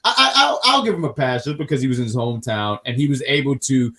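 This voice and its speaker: A man's voice: medium pitch, lively intonation, quick pace, pushed and bright. A man co-hosting a wrestling review show in casual chat, joking and rambling with stammered restarts.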